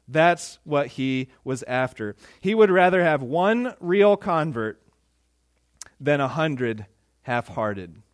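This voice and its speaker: A man preaching a sermon in a conversational, animated way, acting out quotes. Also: a little high, takes it slowly, dry recording, clean studio sound. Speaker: pastor.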